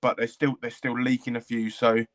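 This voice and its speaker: A man with a mid-pitched, monotone voice co-hosts a casual football podcast. He rambles through his points, stumbling over repeated words and stopping to correct himself. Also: moderate pace. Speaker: podcast co-host.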